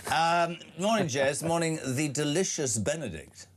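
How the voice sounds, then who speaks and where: A man in his sixties hosts a breakfast talk radio show in a studio. He banters and reads out listeners' messages, his pitch leaping around when he reads them. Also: measured pace, slight background noise. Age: 60s. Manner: lively, jokey, swings pitch when reading messages. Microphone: studio mic.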